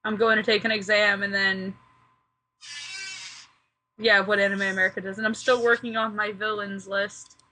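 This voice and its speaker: A young woman co-hosting a casual podcast, excitable and blunt, swearing freely. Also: mid-range voice, normal speed, long pauses. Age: young adult. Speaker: podcast co-host. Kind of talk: casual chat.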